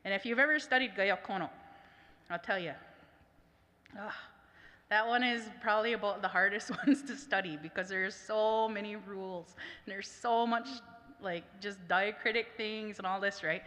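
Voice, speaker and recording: Speaking at normal speed with a steady, sharp tone and medium pitch, a female language teacher shares a talkative anecdote at a summit, peppering it with "I was like" quotes and reported dialogue. The conference hall gives the recording a noticeable echo.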